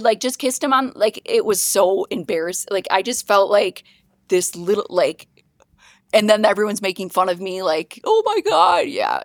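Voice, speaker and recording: A young adult woman telling a story as a podcast guest, bubbly and excitable, laughing often. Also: medium pitch, no echo, studio quality. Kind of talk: casual storytelling.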